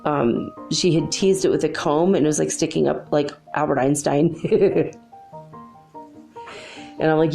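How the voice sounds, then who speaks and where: A woman's voice: low-pitched, fairly even intonation, unhurried, gravelly, pauses often, a little mellow, soft background music. A middle-aged woman hosting a spiritual talk show, telling stories in a chatty, rambling way with many fillers. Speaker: spiritual channel host. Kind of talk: casual spoken monologue.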